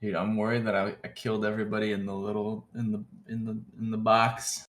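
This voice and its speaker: A man's voice: lowish voice, monotone, quick pace. A young man playing a tabletop game, bantering loosely, with swearing and laughs. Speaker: player. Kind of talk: casual joking chat.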